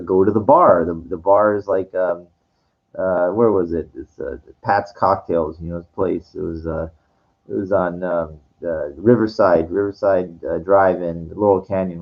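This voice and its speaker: Man, low voice, rambling casual storytelling, stop-start, swears, dull lo-fi sound. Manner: rambling, halting, many restarts and fillers, casual swearing. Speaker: vlogger.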